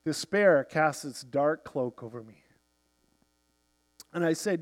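Male first-person novel narrator, a touch high-pitched; measured, reflective read. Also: animated. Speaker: audiobook narrator.

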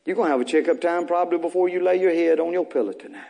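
A man's voice: on the high side, rapid-fire, gravelly, dark tone. A male pastor preaching a sermon, repeating phrases and rising into emphatic bursts.

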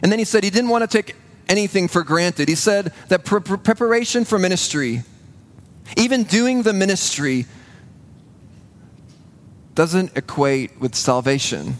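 High-voiced man preaching an earnest sermon. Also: expressive, normal speed, pauses often. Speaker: pastor.

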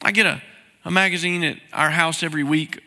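Male pastor, sermon, high voice, very bright tone, chatty rhetorical questions, church sanctuary. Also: fairly even intonation, a little fast, long reverb tail. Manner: conversational preaching with rhetorical questions.

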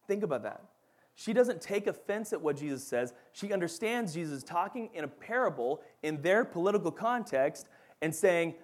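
Man, Bible teacher, conversational, animated, slightly high voice. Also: brisk. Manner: animated, acts out quoted voices, frequent "right?" and "okay?".

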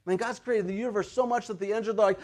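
A man preaching a sermon in a jokey, animated way, breaking into playful shouts. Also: sits high, racing, background noise. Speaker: pastor.

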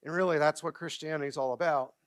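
A middle-aged man preaching a sermon from a church stage, telling stories in a lively way, acting out quotes and asking his congregation questions. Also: a little high, quick pace. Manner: storytelling, animated, acts out quotes and asks the congregation questions. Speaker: pastor.

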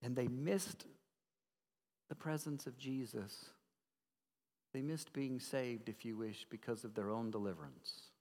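A man preaching a sermon in a mid-range voice, firm and emphatic, then dropping low and quiet. He keeps putting questions to his listeners. His voice trails off into the long reverb of a big church hall. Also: unhurried, pauses often. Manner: emphatic, swings from loud to hushed, asks the congregation questions. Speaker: pastor.

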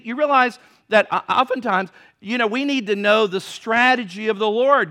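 Guy preaching, high voice, asks the crowd stuff, repeats lines for emphasis. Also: moderate pace, hardly any pauses, pushed and bright. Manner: conversational preaching with rhetorical questions and emphatic repetition. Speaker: pastor. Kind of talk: sermon.

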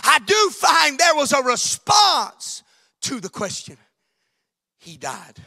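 A man preaching a sermon, swinging from shouted peaks down to hushed, near-whispered lines. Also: extremely high pitch, sing-song, takes it slowly, vocal fry, big-room sound. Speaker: pastor.

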